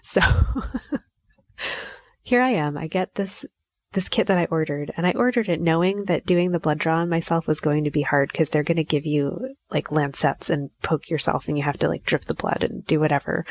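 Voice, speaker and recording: A woman hosting a podcast tells a personal story in a candid, self-mocking way, swearing freely. Her voice sits low with a gravelly fry. The sound is close and dry. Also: moderate pace, dry recording. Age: adult mother. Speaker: podcast host. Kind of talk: casual storytelling monologue.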